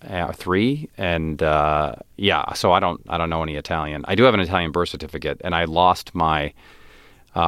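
A man, an actor guest on an interview show, telling animated, self-deprecating stories and acting out other people's lines. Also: low-pitched, smooth, no echo, studio quality. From United States. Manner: animated, self-deprecating, acts out quoted voices. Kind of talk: casual interview storytelling.

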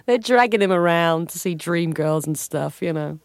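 Nosy middle-aged New York housewife, played by a woman, pushy and gossipy, lively pitch. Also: dry recording, studio quality. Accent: New York American. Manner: pushy, gossipy, drawn-out kvetching. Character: brash nosy middle-aged female Long Island housewife.

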